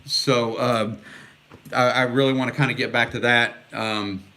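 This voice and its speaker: The speaker, a middle-aged Texan vlogger, takes his time answering livestream comments in a casual, earnest ramble packed with fillers. His mid-range voice has a steady, sharp tone.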